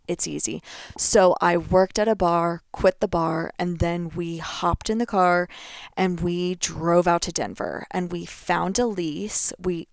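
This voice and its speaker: A woman's voice: lowish voice, gravelly, dry recording, clean studio sound. A young American woman hosting a casual solo podcast, talking in a gushing, effusive way and repeating words for emphasis. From United States. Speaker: podcast host. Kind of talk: casual solo podcast, reading her old journal aloud.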